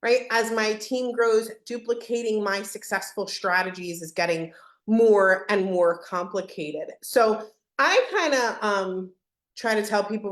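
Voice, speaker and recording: A woman hosting a live software demo webinar in a casual, joking way, laughing often and acting out what team members say. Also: medium pitch, reverberant.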